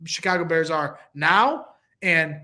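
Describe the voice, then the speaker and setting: Bright-voiced male sports guest. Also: fairly high pitch, animated, takes it slowly. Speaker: podcast guest. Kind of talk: casual sports talk.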